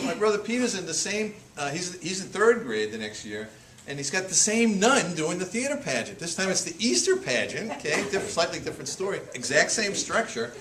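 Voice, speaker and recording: A man giving a humorous storytelling talk to a live audience. He laughs often and repeats words as he restarts his sentences. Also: fairly high pitch. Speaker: author giving a public talk. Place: senior center hall with an audience. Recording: echoey hall, loud audience laughter and noise.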